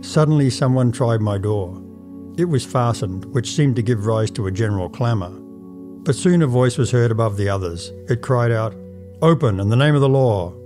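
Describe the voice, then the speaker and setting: A man narrating an old first-person story as a measured, formal audiobook reading. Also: mid-range voice, music in the background.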